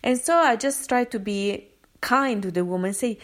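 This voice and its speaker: A woman's voice: mid-range voice, moderate pace. Chatty woman telling a story. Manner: chatty, rambling, with many fillers and restarts. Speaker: vlogger. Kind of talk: casual storytelling monologue. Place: London.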